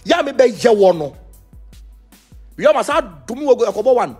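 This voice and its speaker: Animated Ghanaian man, husky voice. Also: very high-pitched, moderate pace, pauses often, faint music behind. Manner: animated, teasing, switching between Twi and English. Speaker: spiritual movement leader. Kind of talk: casual talk reacting to viewers.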